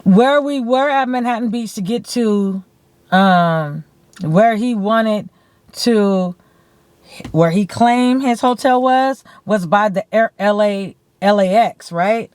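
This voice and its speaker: A woman from California telling a story to her camera in a blunt, animated way, swearing freely and saying "like" often. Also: mid-range voice, slow, no echo. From San Bernardino, California. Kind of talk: casual storytime. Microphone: camera mic.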